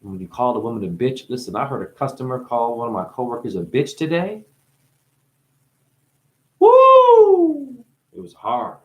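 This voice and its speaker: A man in a rambling spiritual monologue, free-associating through wordplay and profanity, dropping to hushed asides and breaking into crooning. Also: mid-range voice, expressive, fast, few pauses. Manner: profane, teasing. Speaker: spiritual talker.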